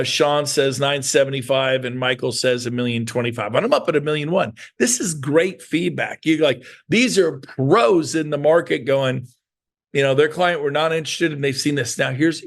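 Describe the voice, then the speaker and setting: Male sales coach, middle-aged, gravelly voice, lively storytelling, jumps between voices. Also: mid-range voice, normal speed. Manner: animated, plays both sides of dialogues. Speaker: real estate sales coach. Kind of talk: energetic sales talk with acted-out phone calls.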